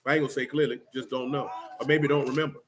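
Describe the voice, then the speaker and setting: A man's voice: medium pitch, fairly even intonation, fast, a little hiss or hum. A man preaching a blunt, street-talking sermon mixed with scripture reading. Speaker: teacher.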